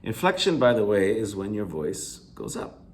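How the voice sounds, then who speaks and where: In his recorded lecture, a male English teacher reviews reading answers, rephrasing key words in simpler terms and going over points again. He speaks at a moderate pace with big pitch swings, lifting his voice on examples and letting phrases trail off quietly.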